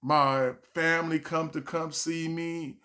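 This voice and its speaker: Bright-voiced man rambling through a story. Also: a little high, flat delivery, takes it slowly. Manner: rambling, with restarts and self-corrections. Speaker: stand-up comedian. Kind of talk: casual storytime vlog.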